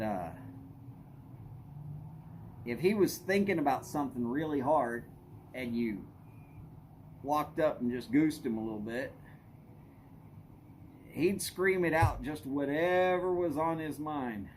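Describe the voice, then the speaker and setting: A man's voice: on the high side, expressive, slow pace, long pauses, slight background noise. A middle-aged man hosting a live stream, chatting casually and telling rambling jokes and stories. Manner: rambling, joking storyteller.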